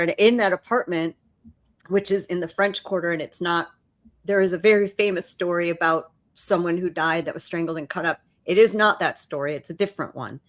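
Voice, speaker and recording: Low-voiced woman co-host from New Orleans. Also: moderate pace. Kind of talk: casual interview chat.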